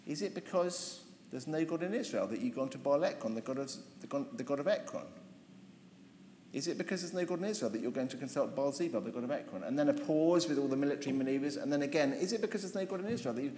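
A man teaching a Bible seminar, telling the story with lively irony and humour and acting out the characters. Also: medium pitch, fast. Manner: lively, humorous, ironic storytelling, acting out voices. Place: large convention hall. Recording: roomy hall reverb, faint noise.

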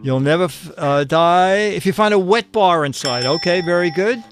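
A man's voice: sits high, animated, moderate pace, soft background music. A man hosting a casual streamed show, reading viewer answers aloud, fumbling through his papers and chuckling at the jokes. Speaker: show host.

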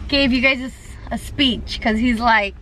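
Young woman vlogger, high voice, playful teasing tone. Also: fairly even intonation, moderate pace, sharp tone, slight background noise, low-quality recording. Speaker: vlog co-host. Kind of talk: casual couple vlog chat.

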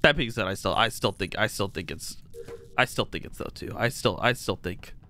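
A man's voice: on the low side, normal speed, pushed and bright. A man streaming a game live, talking to his viewers and teammates in a playful, mock-boastful, chatty way.

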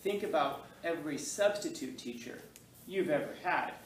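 A middle-aged male high school teacher leading a class discussion and telling a story, animated, laughing, and acting out voices. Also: normal speed, slight background noise. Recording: echoey classroom from far off, faint ambience.

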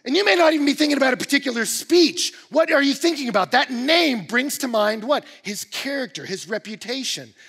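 A male pastor preaching a sermon in an animated, emphatic way, with rising bursts of energy. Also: very high-pitched, a little fast, few pauses, slightly rough, big-room sound. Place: church auditorium.

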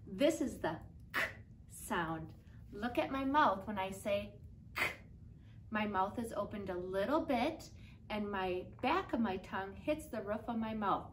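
A woman teacher giving a phonics lesson to young children, sounding out letters slowly and clearly. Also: medium pitch, animated, distant mic. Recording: voice a little off-mic, faint room noise.

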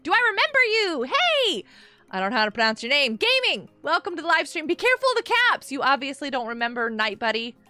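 A high, bright woman's voice that leaps all over the place as she chats through a live gaming stream. She's a bubbly mom in her thirties who giggles a lot and talks straight to her viewers. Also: sing-song, fast, no echo, faint music behind.

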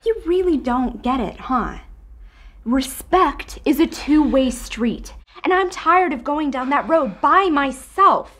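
Rebellious daughter, twenties woman, high-pitched, fed up. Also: animated, takes it slowly, a bit bright, exaggerated voice. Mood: defiant. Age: 20s. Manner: defiant, exasperated. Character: defiant young American daughter.

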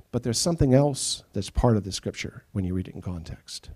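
A middle-aged pastor delivers a sermon to his congregation. His mid-pitched voice rises and falls widely. He slips into the voices of the people in his stories. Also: brisk, husky. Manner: animated storytelling, acts out quoted voices. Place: church sanctuary.

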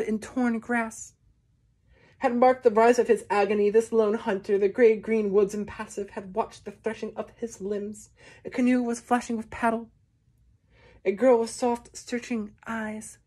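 A woman giving a measured poetry reading, with slow, deliberate phrasing and long pauses. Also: a little high, mellow. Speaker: poetry reader.

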